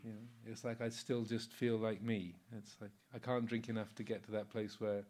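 A Buddhist monk in his sixties, speaking at a moderate pace with a fairly low pitch, gives an informal Dharma talk. His manner is relaxed and anecdotal, with many fillers and frequent chuckles.

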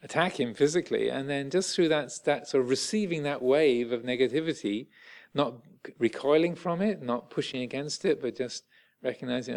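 Creaky-voiced monk giving a talk. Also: male voice, mid-range voice, a little mellow. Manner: halting, many fillers and restarts. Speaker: Buddhist monk teacher. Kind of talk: dharma talk.

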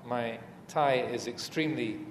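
This Buddhist monk gives his dharma talk in an unhurried, mid-range voice, hesitating often, restarting, leaning on fillers, and joking gently. Faint room noise carries through the echoey hall he's recorded in.

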